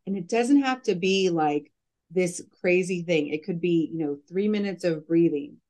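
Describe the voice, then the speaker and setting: A woman's voice: on the low side, normal speed, a little mellow. A woman who coaches mothers, talking earnestly in a casual podcast interview and using "like" often.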